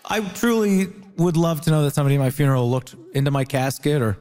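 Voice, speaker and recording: A man's voice: a little high, animated, quick pace, a little mellow. A man from Ontario, a comedian doing wry, rambling bits on a theatre stage. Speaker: comedian, debate contestant. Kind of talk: stand-up comedy bit. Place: theatre stage before a live audience. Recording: live hall with crowd noise.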